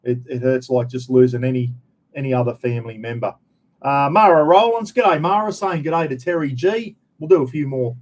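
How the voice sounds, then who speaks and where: With a mid-range, slightly dark voice and a normal pace, a middle-aged Australian man runs a casual livestream. He's chatty and meandering, welcoming viewers as "mate" and often throwing in "bloody."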